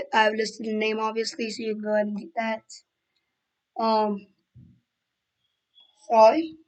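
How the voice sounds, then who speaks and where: Hoarse young woman with a rambling tutorial voice. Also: fairly high pitch, rough recording. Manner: rambling, many fillers and self-corrections. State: hoarse, losing her voice. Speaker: game development tutorial maker. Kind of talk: screen-recorded tutorial.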